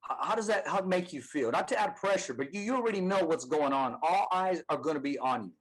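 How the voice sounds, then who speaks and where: A man's voice: a little high, expressive, fast, husky, rough recording. A man hosting a podcast, asking friendly, encouraging questions in casual interview talk. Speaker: podcast host.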